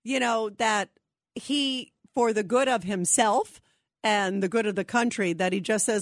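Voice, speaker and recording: A woman's voice: mid-range voice, normal speed, dry recording, clean studio sound. A woman hosting a call-in radio talk show, talking in long rambling emphatic stretches full of fillers and restarts.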